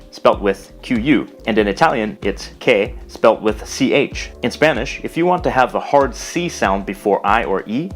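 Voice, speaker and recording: A man narrating a scripted language lesson, explaining carefully and slowing down to pronounce example words. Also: on the low side. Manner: measured, explanatory, slows to pronounce foreign words. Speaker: language teacher.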